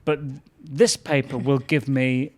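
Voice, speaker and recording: A man's voice: medium pitch, slow. Chatty young man. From England. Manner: laughing, animated when telling stories. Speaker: comedian guest. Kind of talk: casual chat.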